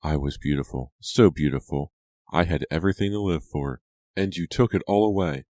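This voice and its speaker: A man's voice: very deep voice, normal speed, dark tone, no room sound. A man reading the part of a scarred, vengeful teenage girl ghost in an audiobook, with a cold, commanding manner. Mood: accusing.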